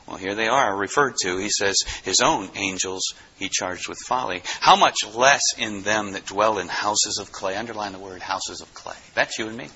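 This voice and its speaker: A man preaching a sermon, teaching from the Bible with animated delivery and acted-out quotes. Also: fairly low pitch, lo-fi sound, a little hiss or hum.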